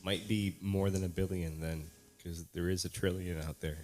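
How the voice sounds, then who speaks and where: A man's voice: deep voice, little pitch movement, moderate pace, darkish tone. A man co-hosting a live show, dropping in dry, teasing remarks. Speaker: co-host.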